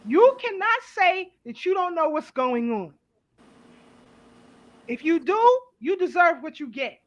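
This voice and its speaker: A middle-aged woman hosts a casual panel talk in a very high, lively voice that swoops up and down. She is blunt and animated and swears freely. The audio sounds dull and lo-fi, like an online call. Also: a little slow. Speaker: host.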